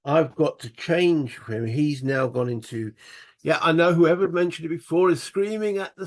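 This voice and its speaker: A man's voice: fairly high pitch, moderate pace, darkish tone. A man playing a solo board game, muttering rule passages aloud and thinking through each move. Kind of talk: casual solo wargame playthrough.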